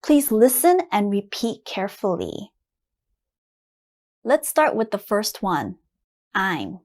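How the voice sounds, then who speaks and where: A woman teaching beginner English grammar at a board, patient and clearly enunciated, repeating words for learners to copy. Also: medium pitch, wildly swooping pitch, slow pace, pauses often, a little mellow. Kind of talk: slow beginner grammar lesson. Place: classroom at a board.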